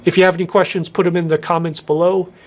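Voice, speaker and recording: A man hosting a career advice video in a casual to-camera talk, who speeds up and then slows down with deliberate pauses and stressed words. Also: high voice, level tone. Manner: shifts tempo, talks fast then slows with pauses and emphasis. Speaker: YouTube host giving career advice.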